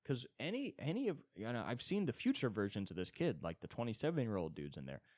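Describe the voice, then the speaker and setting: Recorded dry on a podcast mic, this solo host talks at a quick clip. His rambling comedic monologue is full of crude stories at his own expense, delivered animatedly with his voice leaping high and dropping low.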